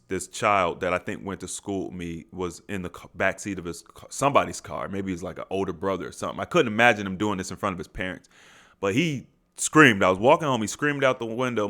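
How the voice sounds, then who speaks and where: A man's voice: sits low, fairly quick. A man co-hosting a podcast, talking in a casual, storytelling way. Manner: storytelling, animated. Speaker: podcast co-host.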